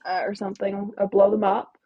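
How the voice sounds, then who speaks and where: A woman's voice: medium pitch, level tone, brisk, highs cut off, a crowd in the background. A woman from Newfoundland co-hosting a podcast, easygoing and reflective in casual chat. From Newfoundland, Canada. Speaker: podcast co-host.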